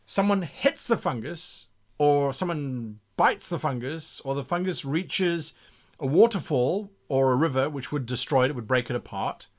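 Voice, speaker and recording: Lively man brainstorming aloud. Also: medium pitch. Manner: thinks out loud, restarts and repeats phrases. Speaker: game master and streamer. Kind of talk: live campaign brainstorming, reading chat aloud.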